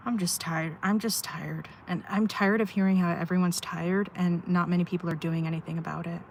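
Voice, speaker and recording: A woman's voice: lowish voice, fairly even intonation, a little fast, a little hiss or hum. A woman livestreaming from inside her car at a rest stop, venting candidly and rambling with sighs. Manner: rambling, sighing, heartfelt venting. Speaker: live streamer.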